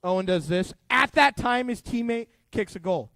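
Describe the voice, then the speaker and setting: A man's voice: sits high, normal speed, vocal fry, no room sound. A man teaching a youth group Bible lesson as youth pastor, joking and quizzing the kids as he goes. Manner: animated, full of asides.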